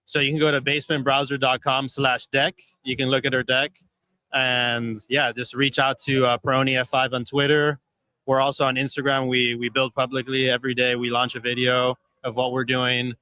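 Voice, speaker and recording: A man's voice: medium pitch, flat delivery, moderate pace, bright, forceful tone, clean tone, dry recording. A man, a startup founder, answering interview questions casually with frequent "yeah" and "like".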